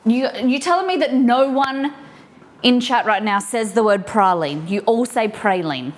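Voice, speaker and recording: A woman's voice: on the high side, big pitch swings, measured pace, background noise. A woman hosting a live cooking stream, chatting casually with her viewers as she reads out a recipe and works in the kitchen. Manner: chatty, answers chat while cooking and reading a recipe aloud. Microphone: streaming mic.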